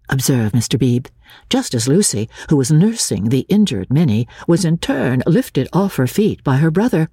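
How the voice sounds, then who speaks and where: Low, husky woman reading a classic novel. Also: no echo, studio quality. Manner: measured, expressive narration. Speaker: radio host and reader.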